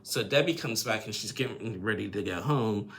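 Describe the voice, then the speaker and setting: Man, low gravelly voice, rambling casual recap, lots of fillers. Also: normal speed, a bit bright, a little hiss or hum. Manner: rambling, filler-heavy, laughs often. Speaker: show recapper.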